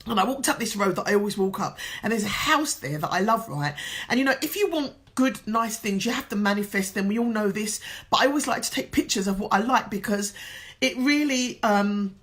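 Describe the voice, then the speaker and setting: A woman's voice: medium pitch, lively intonation, brisk, a bit bright. A woman life coach from England telling an earnest, emotional motivational story, tearful at times. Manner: emotional, earnest, tells a story with quoted dialogue.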